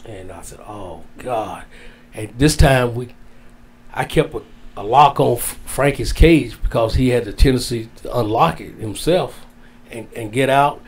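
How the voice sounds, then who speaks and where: An older man sits as an interview guest and tells a heartfelt story. He rambles and repeats his phrases in a plain, mid-pitched voice. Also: measured pace, husky. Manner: rambling, repeats phrases, Southern-style casual grammar. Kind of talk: emotional storytelling.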